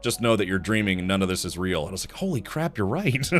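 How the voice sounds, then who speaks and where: A man's voice: lowish voice, pushed and bright. A man hosting a live stream in casual chat, tired, rambling through stories and making mouth sound effects.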